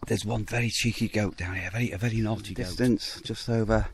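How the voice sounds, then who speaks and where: A man's voice: fairly even intonation, fast talker, a little hiss or hum. A man giving a casual walking tour of a farm park outdoors, chatting as he goes and talking to the animals. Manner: chatty, talks fondly to animals in a higher voice. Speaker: vlogger touring a farm park.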